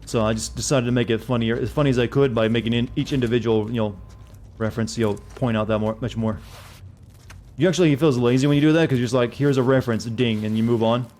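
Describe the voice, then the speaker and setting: A man's voice: mid-range voice, steady tone, fast talker, a little mellow, slight background noise. Rambling joking male game streamer. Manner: rambling, joking, self-deprecating. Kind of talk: casual gameplay commentary.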